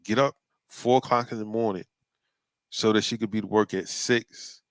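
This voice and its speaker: A man's voice: lowish voice, steady tone, moderate pace, no room sound. A man in a casual chat, speaking bluntly and emphatically.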